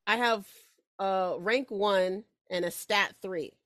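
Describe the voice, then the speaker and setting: A woman's voice: medium pitch, takes it slowly, fairly bright tone, no echo, studio quality. A woman playing a tabletop game, talking hesitantly with lots of ums and likes, and giggling now and then. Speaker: player. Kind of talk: casual tabletop game play.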